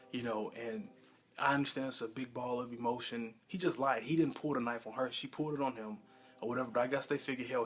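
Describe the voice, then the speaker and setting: A man casually reviewing a TV episode at home, excitable and rambling, with lots of fillers and self-corrections. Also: medium pitch, slightly rough. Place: home room with a pet nearby.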